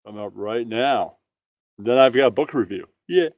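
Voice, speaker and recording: A man's voice: medium pitch, normal speed, darkish tone, no echo, low-quality recording. Goofy man hosting a livestream. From Brooklyn, New York, USA. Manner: goofy, jokey, repeats catchphrases. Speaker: livestream show host. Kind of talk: casual comedic monologue.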